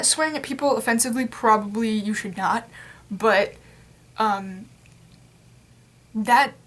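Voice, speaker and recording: A woman's voice: a little high, a bit bright. A young adult woman talking straight to camera in a casual vlog rant, rambling and exasperated, with lots of fillers. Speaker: vlogger.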